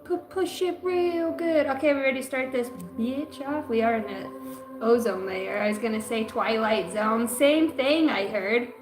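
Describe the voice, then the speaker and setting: A woman's voice: fairly high pitch, moderate pace, reverberant, over music. A middle-aged woman reading tarot on a livestream in casual chat, swearing, joking and laughing often.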